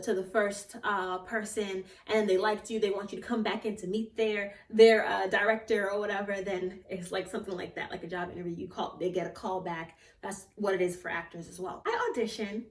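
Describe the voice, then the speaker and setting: A young woman, a theatre actor, telling a personal story in a casual vlog, animated and often laughing or squealing with excitement. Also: medium pitch. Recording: echoey room, voice a bit far from the mic.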